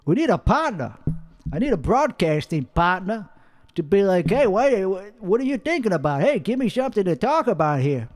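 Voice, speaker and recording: Man playing a brash, profane, clueless young guy persona; high voice, rambling comedic monologue. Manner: profane, rambling, self-interrupting. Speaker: comedy character performer. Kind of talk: in-character rambling stand-up. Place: karaoke bar with colored lights.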